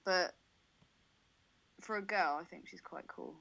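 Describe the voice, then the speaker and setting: A woman's voice: lowish voice, measured pace, gravelly, a bit bright, rough recording. Crude, laughing woman podcaster. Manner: crude, swearing, laughs often. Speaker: podcast co-host. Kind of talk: casual podcast chat.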